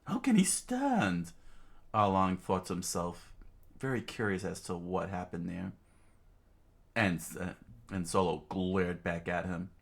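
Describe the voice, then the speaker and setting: A man casually reading a manga aloud, halting often with fillers and restarts. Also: low-pitched, level tone, creaky, fairly bright tone. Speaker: reader.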